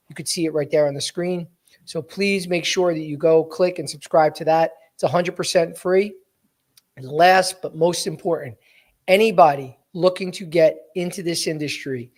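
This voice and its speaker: Energetic man giving a motivational podcast talk. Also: fairly high pitch. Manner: energetic, direct, keeps addressing listeners as guys; repeats and corrects himself mid-sentence. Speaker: podcast host and sales coach.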